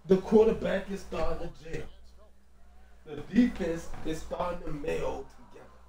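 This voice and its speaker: A man giving loose, slangy, excitable commentary over a basketball video game, peppering his talk with casual fillers. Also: on the high side, normal speed, vocal fry, echoey room. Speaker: gaming commentator.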